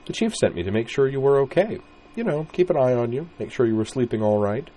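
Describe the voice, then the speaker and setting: A man's voice: medium pitch, very animated, quick pace, warm tone, slight background noise, pitched above the performer's own voice, close to an everyday voice. A man putting on a coy, teasing young woman.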